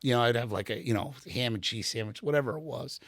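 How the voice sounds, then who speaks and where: A fast-talking middle-aged man with a medium-pitched voice, a retired Army sergeant, rambles through stories on a casual podcast, quoting people and leaning on fillers. The podcast studio room recording is clean and echo-free.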